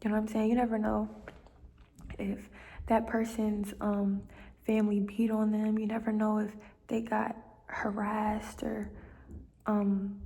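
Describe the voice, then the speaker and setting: Soft-spoken woman with a gravelly voice. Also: medium pitch. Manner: rambling, many fillers, slips into whispers. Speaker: vlogger giving life advice. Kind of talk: casual heartfelt monologue. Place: at home.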